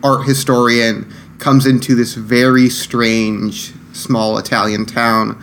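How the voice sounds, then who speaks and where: Gravelly-voiced man chatting about films. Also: medium pitch, level tone, slow pace, a bit bright, slight background noise. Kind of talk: casual film discussion.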